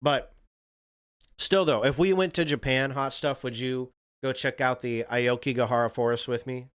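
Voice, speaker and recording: A man's voice: medium pitch, fairly even intonation, normal speed, smooth. Rambling, profane male livestream host. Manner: rambling, profane, chats with viewers. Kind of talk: casual livestream reaction chat.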